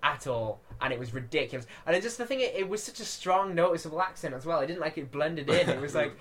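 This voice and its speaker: Fast, ranting film podcast man. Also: a little high, expressive, fairly bright tone. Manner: rapid, ranting, laughs often. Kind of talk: casual film review chat.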